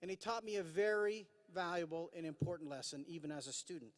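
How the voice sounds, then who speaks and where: A high-voiced man in his fifties delivers a formal commencement address at a podium mic. He sounds earnest, with frequent "uh" fillers and dry self-deprecating humor. His voice rings out with a long reverb in a large hall. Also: fairly even intonation, fast. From Idaho, USA. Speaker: commencement speaker. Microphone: podium microphone.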